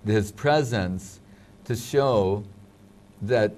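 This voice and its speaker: Slow, low-voiced man. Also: a little mellow, a little hiss or hum. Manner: unhurried, adds short agreements and helps finish the other man's sentences. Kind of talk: casual conversation, sharing memories.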